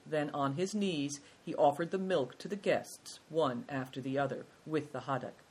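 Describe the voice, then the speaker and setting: A narrator reading a storybook aloud in a measured, steady way. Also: medium pitch, husky, low-quality recording.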